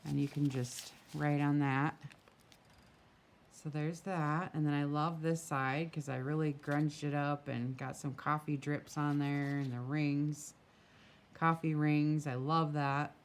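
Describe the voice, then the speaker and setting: A woman's voice: low-pitched, little pitch movement, takes it slowly. A woman who runs a craft shop, casually chatting as she flips through a handmade journal, gushing and full of small asides, recorded outdoors in a breeze on a camera mic.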